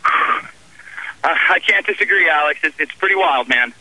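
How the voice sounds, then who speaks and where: A man reporting live by phone from a city street, out of breath and halting, with many fillers. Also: a little high, lively intonation, background noise. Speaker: field reporter.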